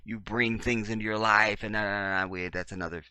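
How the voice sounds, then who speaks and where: A man hosting a commentary monologue, repeating his points emphatically in a preachy way and swinging from loud to very quiet. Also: fairly low pitch, steady tone, moderate pace, clean tone, no echo. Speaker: commentary channel host.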